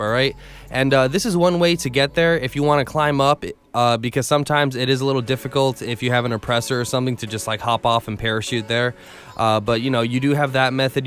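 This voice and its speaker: A man's voice: mid-range voice, fairly bright tone. A man talking casually over gameplay footage, explaining glitches step by step in a rambling, self-amused way with lots of fillers. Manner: chatty, rambling with fillers, laughs at himself. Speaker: gaming YouTuber. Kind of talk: casual game tutorial voice-over.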